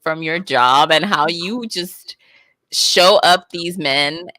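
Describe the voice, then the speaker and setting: A woman in casual chat, expressive and quick to react. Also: lowish voice, no room sound. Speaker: podcast co-host.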